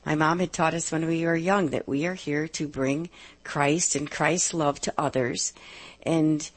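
A middle-aged woman hosting a live advice radio show, upbeat and emphatic, slowing down to stress key points. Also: low voice, steady tone. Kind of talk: live call-in radio talk.

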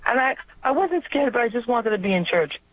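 A woman's voice: fairly high pitch, animated, no room sound. A woman caller with a New York accent, earnestly telling a personal faith story and often restarting her words. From Long Island, New York. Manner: earnest, halting, restarts mid-word. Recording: tinny phone line.

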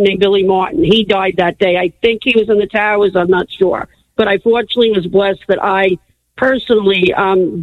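A woman's voice: medium pitch, dry recording. A woman calling in to a radio show, recounting events in an earnest, matter-of-fact way. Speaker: caller. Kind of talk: call-in radio chat. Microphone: phone call. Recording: tinny phone line.

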